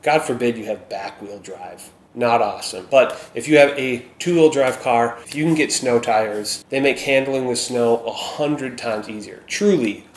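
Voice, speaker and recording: Talking unhurriedly with hardly any pauses, a mid-range-voiced Minnesotan vlogger chats casually to camera in his Minnesotan accent. He's self-deprecating and keeps adding "okay?" asides; the room echoes with faint ambient noise.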